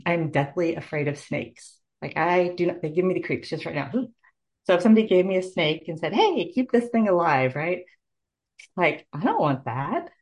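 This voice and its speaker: A middle-aged woman, a nurse, telling her personal story in an interview in an earnest, heartfelt way. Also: sits low. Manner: earnest, heartfelt, tearful at moments. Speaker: guest, nurse.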